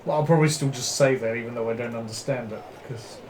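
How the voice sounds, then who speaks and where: A man playing in a tabletop role-playing game, chatting casually and thinking out loud. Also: mid-range voice, quick pace, slight background noise. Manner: chatty, wondering aloud. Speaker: player.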